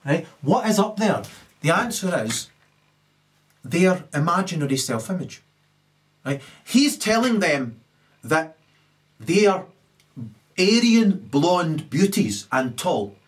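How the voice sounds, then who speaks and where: A man's voice: on the high side, very animated, takes it slowly, long pauses. A man in a rambling, ranting monologue, constantly tagging his points with questions. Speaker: commentator.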